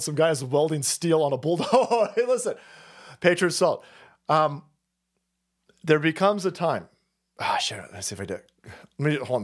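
A man hosting a livestream, ranting and commenting profanely with frequent laughter. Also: on the high side. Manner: foul-mouthed, laughing, ranting. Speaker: streamer host.

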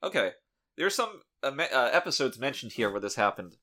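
A man's voice: medium pitch, very animated, fairly quick, pushed and bright. A man co-hosting a podcast in casual chat, talking with dry, sarcastic humor. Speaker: podcast co-host.

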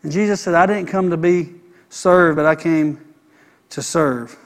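A man delivers a sermon from the pulpit, his voice sitting notably high for a man. He is emphatic, stacking phrase on repeated phrase to press each point home. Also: measured pace. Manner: emphatic preacher, repeating phrases in building runs. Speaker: pastor.

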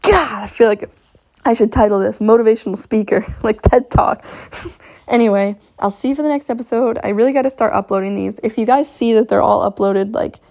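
A woman's voice: on the high side, a little fast, vocal fry, dark tone. Blunt, swearing woman podcaster. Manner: blunt, profane, motivational. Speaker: podcast host. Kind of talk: casual solo podcast monologue. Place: home in Maine.

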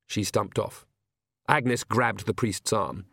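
A man narrating an audiobook in a measured, wry tone. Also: on the low side, creaky, a bit bright, slightly rough, no echo, clean studio sound.

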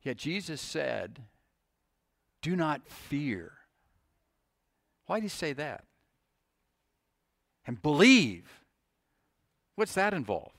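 A man's voice: on the high side, big pitch swings, takes it slowly, creaky, long pauses, a bit bright, no echo, clean studio sound. A man preaching a sermon to his congregation, earnest, often restarting his sentences and asking the listeners questions. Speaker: pastor.

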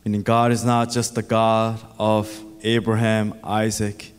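A man's voice: lowish voice, monotone, unhurried, clear, resonant tone. A male pastor delivering a sermon with an earnest, repetitive preaching cadence, recorded in a church sanctuary. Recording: echoey church hall.

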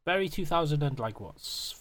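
A man's voice: fairly high pitch, lively intonation, brisk, a bit bright. A young man co-hosting a casual podcast chat, rambling, laughing often and swearing freely. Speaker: podcast co-host.

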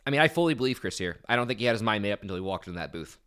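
Lively, bright-voiced man recapping a show. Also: on the low side, rapid-fire. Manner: animated, acts out quotes in a shifting voice. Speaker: podcast co-host. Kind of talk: casual recap chat.

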